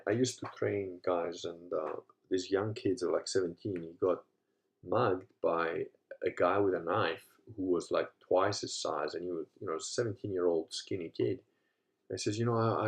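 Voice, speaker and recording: Profane storytelling man in his fifties. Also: creaky. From Africa. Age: 50s. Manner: profane, storytelling, swings from low mutter to loud animated retelling. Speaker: host. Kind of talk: casual monologue.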